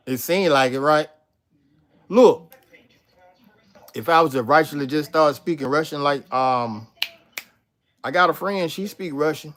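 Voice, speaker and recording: A man's voice: fairly high pitch, moderate pace, pauses often, fairly bright tone. A man hosting a casual livestream, chatting loosely with viewers and reading out their comments. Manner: laid-back, chatty, reads out chat and answers viewers. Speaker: livestream host.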